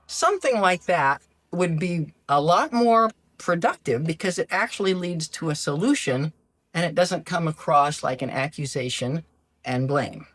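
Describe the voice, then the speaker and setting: An older woman hosting a solo talk as a life coach, gentle and animated, acting out the questions she quotes. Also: on the low side. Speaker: podcast host, life coach. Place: lives abroad in Ecuador.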